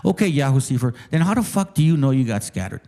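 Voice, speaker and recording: Man, channel host, heated rant, profane and mocking, mellow dark tone. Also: mid-range voice, big pitch swings, fast. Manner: repeats words for emphasis. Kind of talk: heated casual rant to viewers.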